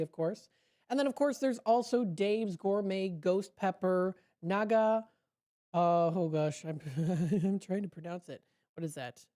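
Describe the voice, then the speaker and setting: Upbeat lady radio host chatting on a studio mic, warm mellow voice, laughs at her own jokes. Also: medium pitch. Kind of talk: casual radio chat segment. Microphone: studio microphone.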